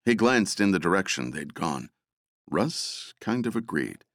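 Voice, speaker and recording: A man narrating an action novel as an audiobook, dramatic and expressive. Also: low-pitched, measured pace, no echo, studio quality. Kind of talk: scripted narration.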